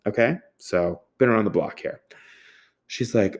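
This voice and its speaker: A man's voice: lowish voice, measured pace. A young man telling a comic story in a casual, profane and sarcastic way.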